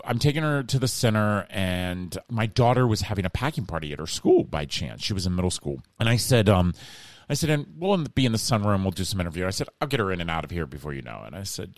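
Speaking fast in a low voice, this middle-aged interview guest spins an animated story, imitating the people he's quoting. The casual conversation has no room sound at all.

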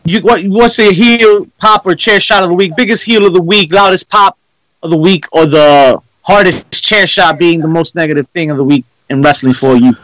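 A man's voice: sits high, moderate pace, fairly bright tone, dry recording, rough recording. A man hosting a wrestling podcast, asking questions in a slangy, hyped way. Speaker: podcast host. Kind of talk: casual wrestling chat.

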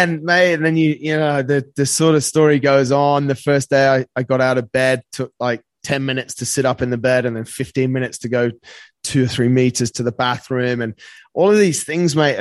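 A man's voice: mid-range voice, no room sound. A man telling a personal story as a podcast guest, earnest and casual, often saying "mate" and swearing freely.

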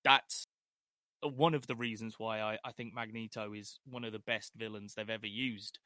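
A man's voice: lowish voice, fairly even intonation, normal speed, sharp tone, no echo, clean studio sound. A middle-aged man co-hosting a casual film discussion podcast, chatty with hesitant restarts. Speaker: podcast co-host.

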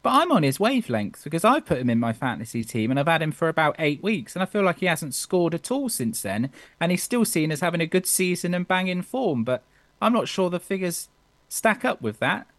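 A man's voice: fairly high pitch, sing-song, fairly quick, fairly bright tone, no room sound. A man hosting a casual football podcast, joking with the panel, laughing often and steering the talk between guests. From England. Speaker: podcast host.

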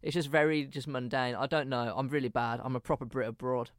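A man's voice: medium pitch, flat delivery, a little fast, dry recording, clean studio sound. A man with a Birmingham accent co-hosting a podcast, self-deprecating and blunt, with some swearing. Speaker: podcast co-host. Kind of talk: casual chat.

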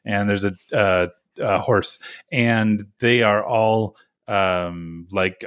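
Brief: man, low voice, dry close sound, loose jokey co-host who rambles and stalls. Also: fairly even intonation, fairly bright tone, dry recording. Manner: rambling, halting with lots of ums; self-mocking, jokey. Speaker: podcast co-host. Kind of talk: casual chat.

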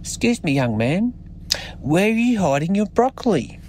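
A sweet but stubborn old Aussie lady, as a man telling a joke puts her on, her voice lifted high and prim. Each time she speaks, she is politely insistent. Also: sing-song, moderate pace, a little mellow, slight background noise. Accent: Australian. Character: persistent old woman shopper.

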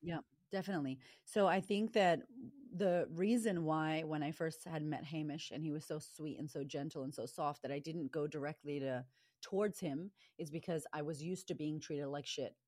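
Blunt, outspoken woman with a low voice. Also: normal speed, a little mellow, dry recording, clean studio sound. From Latina upbringing. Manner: blunt, swears freely, passionate. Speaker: guest, confidence coach and author. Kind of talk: candid interview talk.

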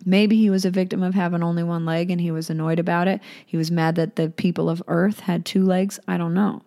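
A woman's voice: lowish voice, flat delivery, fairly quick, warm tone. A young woman casually retelling a myth, irreverent and chatty, with swearing and asides. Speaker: storyteller.

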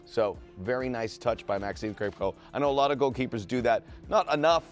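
A man co-hosting a soccer talk show, explaining plays in a measured way. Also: mid-range voice, soft background music. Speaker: co-host. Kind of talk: casual sports chat.

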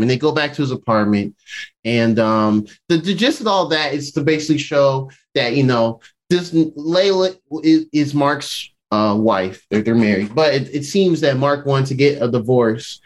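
A man's voice: medium pitch, lively intonation, moderate pace. A man hosting a podcast, recapping an episode in a rambling, casual way and acting out the characters' lines. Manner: rambling, many fillers, acts out character quotes, laughs often.

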